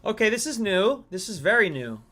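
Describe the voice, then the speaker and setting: Male stream host, sharp bright tone, animated mock-outraged rants. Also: high-pitched, fairly quick, faint music behind. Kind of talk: live-stream gaming commentary.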